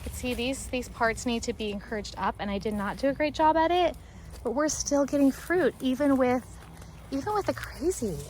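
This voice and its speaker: A woman giving a casual, chatty walking tour of her vegetable garden outdoors. She talks in an excitable, rambling way. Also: sits high, moderate pace, a little hiss or hum. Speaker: homesteading garden vlogger.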